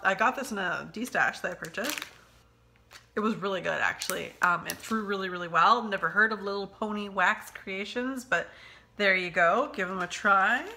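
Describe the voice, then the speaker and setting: A woman's voice: medium pitch, pushed and bright. A woman from Canada chatting casually to camera at home, reviewing wax melts in a rambling, chatty way. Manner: chatty, rambling, with fillers and quick asides.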